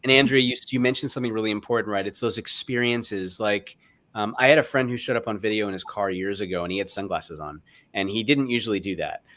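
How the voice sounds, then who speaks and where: A man's voice: fairly low pitch, fast talker. Earnest man on a video call. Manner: earnest, emotional, swings between loud and hushed. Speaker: guest speaker. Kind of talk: heartfelt motivational chat.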